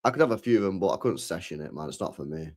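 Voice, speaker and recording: Slangy young man, lively pitch. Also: very fast. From England. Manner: rambling, swears freely, repeats phrases, slangy. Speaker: streamer chatting with viewers. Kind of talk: casual chat.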